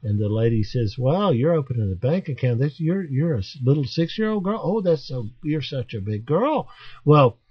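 A man's voice: medium pitch, normal speed, slightly rough, dull audio. Rambling male host telling a joke. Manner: rambling, restarts, animated storytelling. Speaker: podcast host. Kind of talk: casual chat, telling a joke.

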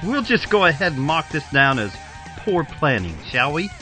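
A man's voice: a little high, very animated, moderate pace, bright, forceful tone, faint music behind. A man voicing a dry government official taking a claim, in a polite, clipped manner, in a comedy sketch.

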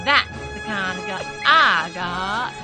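A woman's voice: mid-range voice, expressive, slow, over music. A British woman playing a brash, foul-mouthed male astronaut from Texas in an amateur radio play, swaggering and putting on a southern drawl.

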